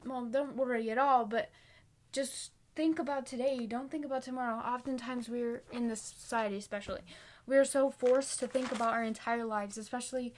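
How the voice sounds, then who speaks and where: Chatty earnest teenage girl, slightly high. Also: fairly even intonation, normal speed. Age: late teens. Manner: chatty, many "like" fillers, self-correcting, earnest. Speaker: faith encouragement vlogger. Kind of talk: casual devotional chat with scripture reading.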